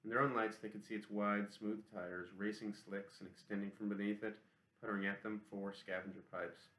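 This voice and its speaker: Steady male audiobook narrator, monotone delivery, echoey room. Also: on the low side, fairly quick. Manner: steady, even reading.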